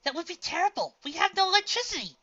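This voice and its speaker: A woman voicing a whiny, excitable young pony mare in a storybook reading. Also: on the high side, fairly quick, dull audio, pitched above the performer's own voice. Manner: whining, excitable.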